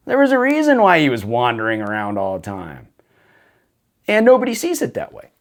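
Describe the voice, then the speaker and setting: Male host, casual storyteller, says "dude" a lot, pitch rises and falls freely. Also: wildly swooping pitch, a little fast. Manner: laid-back, full of "dude" and "like". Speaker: faith podcast host.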